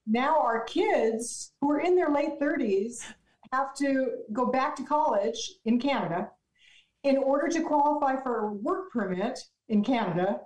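A woman's voice: a little high, echoey room, low-quality recording. A woman guest telling a long story in a casual radio chat, rambling with restarts. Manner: chatty storyteller, restarts and fillers.

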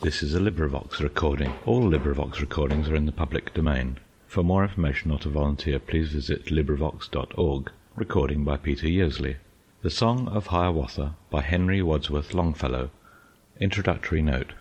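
A man narrating an audiobook with measured, careful delivery. His voice is remarkably deep and low. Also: darkish tone, breathy edge, highs cut off. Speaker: audiobook reader.

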